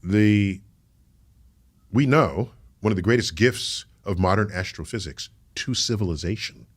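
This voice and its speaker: Deep, animated American man lecturing slowly. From United States. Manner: measured, emphatic, lecturing with dramatic pauses. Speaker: guest astrophysicist. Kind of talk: podcast interview.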